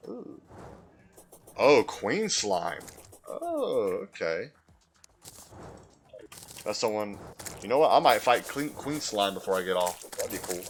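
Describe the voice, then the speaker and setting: A man's voice: lowish voice, animated, measured pace, long pauses, slight background noise. A man with a mild Southern US accent, live-streaming a game in casual chat, reading and answering chat and easily amused.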